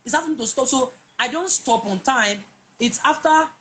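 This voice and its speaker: A woman's voice: high-pitched, normal speed, fairly bright tone, a little hiss or hum. A woman, a guest telling her personal story emphatically, often repeating words and restarting. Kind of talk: personal testimony in a conversation.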